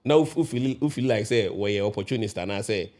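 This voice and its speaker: A man's voice: fairly low pitch, expressive, fairly quick, darkish tone. A man, a guest on a radio talk show, explaining his view at length, often restarting and checking that the listener understands. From Ghana.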